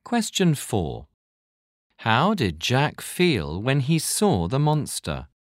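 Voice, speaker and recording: A voice slowly reading out test questions for a listening exercise. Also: mid-range voice, huge pitch swings, no echo, studio quality. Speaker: quiz reader.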